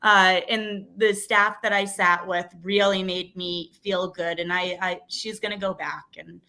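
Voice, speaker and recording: A woman's voice: lowish voice, level tone, unhurried, bright, forceful tone. Earnest woman telling an emotional story. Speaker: guest, school committee candidate. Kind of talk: casual interview.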